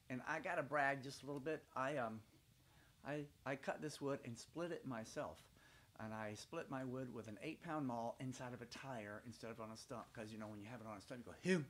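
An older Georgia man with a Southern accent tells playful stories to children beside his fireplace at home. His mid-range voice has a fairly bright tone, and his folksy storytelling is chatty and rambling.

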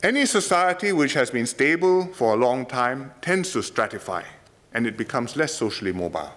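A man with a Singaporean English accent addresses a parliament chamber in a formal speech. His pitch rises and falls in an animated way. He speaks in measured, emphatic short phrases, leaning on key words. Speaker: politician.

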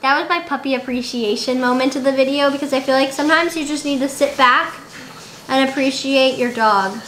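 A woman's voice: high-pitched, a little fast, fairly bright tone, slight background noise. A young woman vlogging at home, chatting to the camera in a dramatic, giggly way. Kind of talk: casual chat to camera. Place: indoors at home. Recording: roomy home recording.

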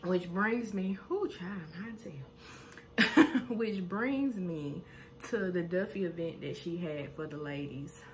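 A woman with a slightly low voice recaps reality TV drama in a loose, gossipy way. She is animated and often slips into impressions of the cast. A faint hiss runs under the recording. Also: unhurried. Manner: animated, laughs often, acts out quoted lines.

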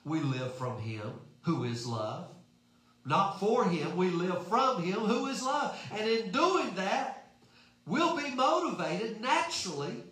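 A man's voice: high-pitched, a bit bright. A man preaching a sermon in a folksy, emphatic way, asking rhetorical questions. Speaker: pastor. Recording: very echoey room.

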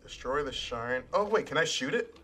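A man's voice: mid-range voice, lively intonation, normal speed, sharp tone, slight background noise. A young man casually commentating a video game as he plays, swearing often, cracking sarcastic jokes and talking back at the characters. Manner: profane, sarcastic, jokey. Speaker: gaming channel host. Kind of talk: casual let's play commentary.

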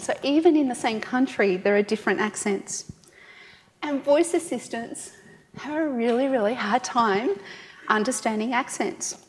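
A woman's voice: fairly high pitch, big-room sound. An Australian woman giving a conference talk, chatty and joking with the audience. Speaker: conference speaker.

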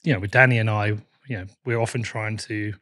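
A man's voice: fairly low pitch, fairly even intonation, fast, sharp tone, no echo. Man hosting a casual interview, dry sound. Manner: casual, rambling questions. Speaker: podcast host. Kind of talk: conversational interview.

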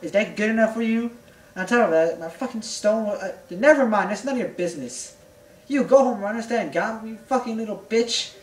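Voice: medium pitch, brisk, natural voice. A gamer voicing a demanding young fish princess with crude, mocking talk, recorded in a roomy room from a distant mic. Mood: bossy.

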